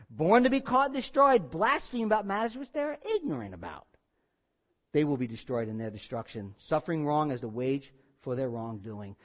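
A man's voice: on the high side, lo-fi sound. A man preaching a sermon, reading scripture with rising force and dropping into wry asides.

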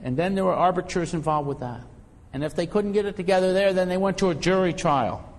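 A man's voice: high-pitched, fairly quick, in a large hall. A man preaching a sermon as pastor, talking in a loose conversational way and often repeating words as he finds his phrasing.

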